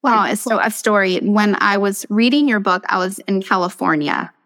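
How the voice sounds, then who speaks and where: A woman's voice: mid-range voice, moderate pace. Storytelling woman host, long reverb. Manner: lively storytelling. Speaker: podcast host. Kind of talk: faith conversation.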